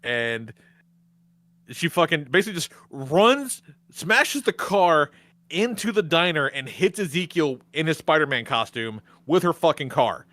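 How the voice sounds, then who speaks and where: A man's voice: on the high side, big pitch swings, unhurried, a bit bright, dry recording. A man hosting a podcast, retelling a movie's plot in casual chat, swearing often and laughing along the way. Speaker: podcast host.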